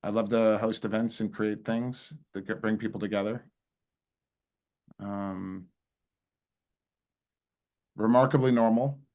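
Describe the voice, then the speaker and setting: A man's voice: on the low side, fairly even intonation, slow, pauses often, darkish tone. Chatty middle-aged male guest. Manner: storytelling, chatty. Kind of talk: casual interview.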